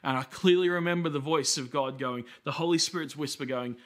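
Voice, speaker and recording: Preaching as a pastor, an Australian man in his thirties tells stories in a relaxed, conversational way, dropping in quick asides. His pitch runs fairly high.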